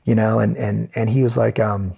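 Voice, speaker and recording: A middle-aged man, a former Navy SEAL, telling stories as a guest in a casual interview, animated and full of restarts. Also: fairly low pitch, moderate pace, creaky, slightly rough. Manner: animated storyteller, frequent restarts.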